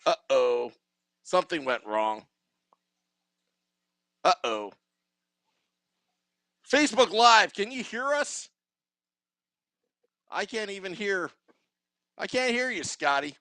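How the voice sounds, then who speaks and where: A man hosting a live sports podcast from a radio studio, energetic and joking. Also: sits high, takes it slowly, vocal fry, long pauses, dry recording. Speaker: podcast host.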